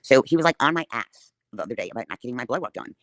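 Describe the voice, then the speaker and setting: A woman's voice: a bass voice, lively intonation, rapid-fire, a bit bright, no room sound. A woman livestreaming a defiant, profane rant straight at her viewers.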